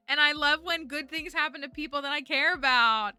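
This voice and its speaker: A woman's voice: high voice, brisk, few pauses, bright, forceful tone, soft background music. A woman streaming a game, talking casually and rambling with lots of fillers. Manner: chatty, rambling, many fillers like "like" and "um". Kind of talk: casual gameplay chat.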